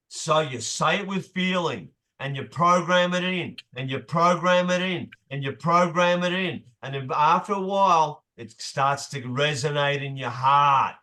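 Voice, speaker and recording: A man's voice: on the high side, bright, forceful tone. A man leading a motivational group session as coach, emphatic, repeating key phrases and swearing casually.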